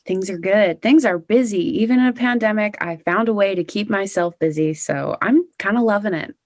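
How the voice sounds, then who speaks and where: A woman's voice: medium pitch, moderate pace, no room sound, clean studio sound. A young woman, a country singer-songwriter, chatting bubbly and casually in an interview, full of "like" and "you know".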